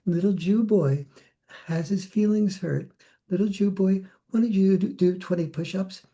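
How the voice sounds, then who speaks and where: A man's voice: high voice, unhurried, warm tone, pitched above the performer's own voice. A man acting out a mocking male army drill sergeant who taunts a recruit. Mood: sneering. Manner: sneering, taunting.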